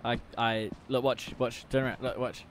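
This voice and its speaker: A man's voice: medium pitch, flat delivery, normal speed, background noise. A male streamer, chatting playfully while gaming, yelping and laughing at scares. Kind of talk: casual gaming chat.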